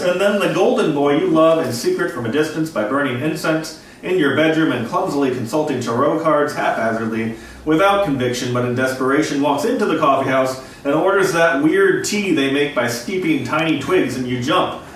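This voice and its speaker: A man's voice: fairly high pitch, expressive, moderate pace, a little hiss or hum. Middle-aged man reading wry comic poetry. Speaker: poet reading his work. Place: bookstore reading event. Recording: very echoey room, distant mic, faint ambience.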